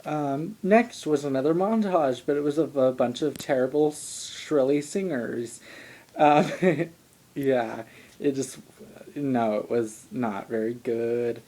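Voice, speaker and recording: His voice is mid-range and warm, and he speaks slowly. This young vlogger gives a casual talking-head recap of a TV singing show on a shaky handheld camera, rambling with plenty of ums and likes.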